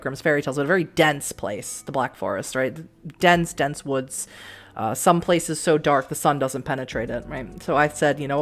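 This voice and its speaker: A chatty middle-aged woman from the Boston area, with a low voice and a faint Boston accent, streams herself playing a narrative game. She reads aloud and chats with viewers in a rambling way, often restarting and laughing.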